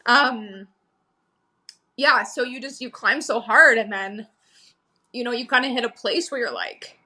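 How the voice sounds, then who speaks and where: Bright-voiced chatty woman. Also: a little high, unhurried, long pauses. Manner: chatty, filler-heavy, laughs often, swears casually. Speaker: podcast guest, coaching client. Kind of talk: casual candid conversation.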